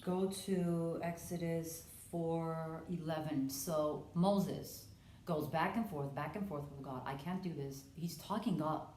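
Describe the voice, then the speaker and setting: A woman's voice: low voice, fairly even intonation, slow pace, a little mellow, roomy sound, a little hiss or hum. A woman giving a casual Bible study talk, earnestly explaining scripture and acting out the dialogue as she goes. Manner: earnest, conversational, stumbles and restarts, acts out dialogue. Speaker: Bible teacher.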